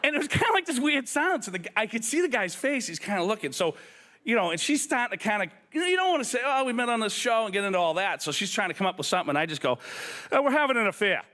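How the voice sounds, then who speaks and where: A man's voice: sits high, very fast. A man with a Boston accent telling funny stories at a memorial, acting out the other people's lines. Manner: animated anecdotes, acts out others' lines. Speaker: police officer sharing memories at a memorial. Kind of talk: humorous memorial storytelling.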